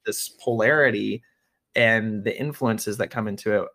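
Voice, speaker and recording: A man's voice: lowish voice, moderate pace, pushed and bright. A man co-hosting a podcast, talking through a film review thoughtfully, with many fillers and restarts. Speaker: podcast co-host. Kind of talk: casual film review chat.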